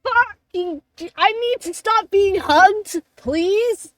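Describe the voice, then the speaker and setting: A woman voicing a pained, foul-mouthed young man, yelling and swearing in a tabletop game. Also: extremely high pitch, unhurried, pitched above the performer's own voice. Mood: pleading. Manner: yelling and cursing in pain.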